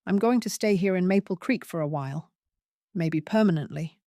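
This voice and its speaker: A woman voicing a hurt but firm older widowed mother, questioning pointedly in a low voice. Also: moderate pace, warm tone, no room sound, studio quality, close to an everyday voice. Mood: confronting.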